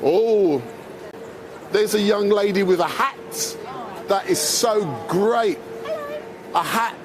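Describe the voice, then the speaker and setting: Holding a handheld microphone, a man with a high voice conducts a chatty live interview on a busy city street, speaking slowly. He exclaims often, and the noisy street and traffic can be heard behind him.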